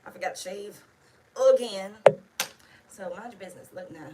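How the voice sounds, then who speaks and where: A woman's voice: medium pitch, moderate pace, heavy background noise. A woman talking casually as a tarot reader, blunt, chatty and full of swearing. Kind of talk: casual tarot video chat.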